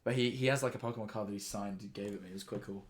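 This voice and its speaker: A young man streaming casually, reacting excitably and rambling through stories with restarts and swearing. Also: fairly low pitch, racing.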